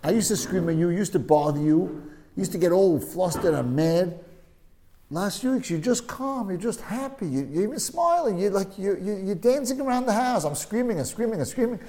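Man doing a fed-up screaming wife, shrill, complaining, high-pitched, storytelling voice. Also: lively intonation, moderate pace, warm tone. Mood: exasperated. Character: exasperated wife who screams at her husband.

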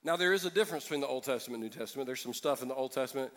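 A man's voice: mid-range voice, racing, a bit bright. A man preaching a sermon as pastor, joking and acting out voices from the congregation.

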